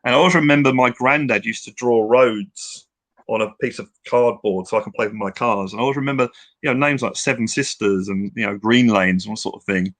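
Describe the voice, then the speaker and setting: A man's voice: fairly low pitch, a little fast, fairly bright tone, no room sound. An older man from England, a guest telling long, rambling stories with many restarts in a casual interview. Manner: rambling, reminiscing with restarts and acted-out quotes.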